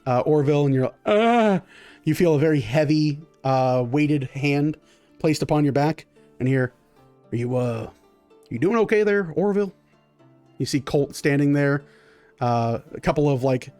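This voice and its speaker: A man narrating a tabletop game as game master, spinning vivid and slightly gross scenes in a loose, improvised flow. His voice sits a little above the usual pitch for a man. Faint music plays underneath. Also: mellow. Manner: vivid, loose storytelling with many fillers.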